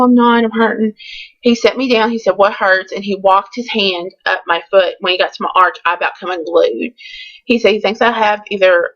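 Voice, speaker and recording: A woman's voice: mid-range voice, fairly bright tone, highs cut off. A woman telling a candid, chatty storytime in a casual vlog. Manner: chatty and candid, with many ums. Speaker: vlogger.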